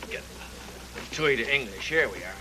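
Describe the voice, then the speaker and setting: A man's voice: medium pitch, animated, slow, noisy background. A man voicing a fussy, flustered male bunny in a 1970s TV puppet show, stammering and polite. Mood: muttering.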